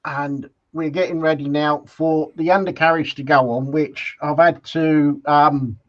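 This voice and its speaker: A man's voice: a little high, fairly even intonation, unhurried. Understated man, dull lo-fi sound. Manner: dry one-liners, understated. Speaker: co-host of a live stream. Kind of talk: casual chat.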